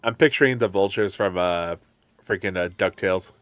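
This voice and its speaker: A man's voice: low voice, moderate pace, dry recording, faint music behind. A man playing a tabletop game, joking around with mock-dramatic complaints. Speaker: player.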